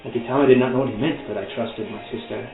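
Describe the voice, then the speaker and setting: A man's voice: medium pitch, steady tone, gravelly, natural voice. A man voicing a frail, weary old timekeeper woman. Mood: weary, solemn. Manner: slow, solemn and mournful. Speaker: game master. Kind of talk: voicing a character in a tabletop game. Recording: echoey, tinny online call with music.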